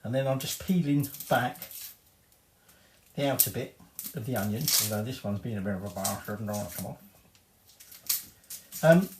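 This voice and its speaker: A man's voice: fairly low pitch, moderate pace, pauses often, a little mellow, reverberant, a little hiss or hum. A man giving a casual cooking demonstration in his home kitchen, chatty and rambling, with cheeky swearing. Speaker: home cook.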